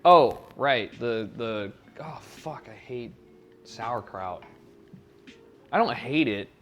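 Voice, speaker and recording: Man, home-kitchen cooking streamer: profane, rambling, slow-paced but very animated in pitch, faint music underneath. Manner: profane, rambling, talks back to chat. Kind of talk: casual live-stream chat while cooking. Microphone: wired mic.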